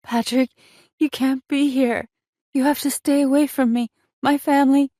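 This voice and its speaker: A woman narrator voicing a frightened young woman in love, pleading in a high, rising voice. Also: steady tone, normal speed, warm tone, no echo, clean studio sound, close to an everyday voice.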